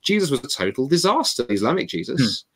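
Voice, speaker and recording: Telling stories in an easygoing conversation, this male author gets animated and voices the lines people said. He has a husky, mid-range voice and talks a little fast.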